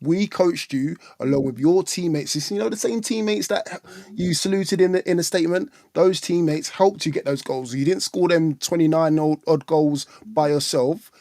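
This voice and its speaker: On a casual fan-channel livestream about football, this male co-host rants bluntly and animatedly, slipping into mocking put-on voices. He speaks at a normal pace with a warm, higher-leaning voice. The audio is dry and studio quality.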